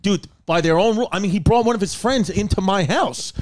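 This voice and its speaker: A man hosting a podcast, telling stories in a loose, animated, profane way. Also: high-pitched, fairly quick. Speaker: podcast host. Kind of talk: casual chat. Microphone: podcast microphone.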